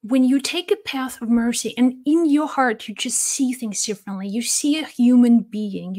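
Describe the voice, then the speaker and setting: A woman hosting a spiritual channel, telling a personal story in an earnest, heartfelt way. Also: fairly high pitch. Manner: earnest, heartfelt, with soft laughs and restarts.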